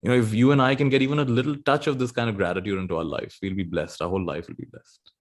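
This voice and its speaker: A man giving a dharma talk, telling a story gently and laughing often as he goes. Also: on the low side, fairly even intonation, fast talker. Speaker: spiritual teacher.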